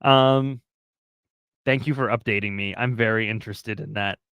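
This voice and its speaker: A man's voice: on the low side, normal speed, clean tone, no room sound. A man hosting a livestream, chatting casually with viewers, laughing often and reading a story aloud. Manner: chatty, lively, laughs between remarks. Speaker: livestream host.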